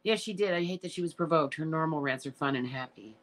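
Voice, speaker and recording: A middle-aged woman chats on her livestream and answers viewers bluntly, swearing freely and getting emotional. Her voice sits fairly low but swings widely up and down as she talks. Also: expressive, quick pace. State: tearful at times. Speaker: livestream host reading viewer comments. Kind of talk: casual live chat.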